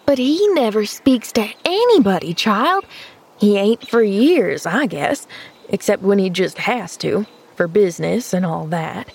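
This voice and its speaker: A woman's voice: medium pitch, lively intonation, measured pace, gravelly, a little mellow, husky, full character voice. A woman doing a flustered country housemaid. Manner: homespun, exclaiming, gossipy. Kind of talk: audiobook character reading.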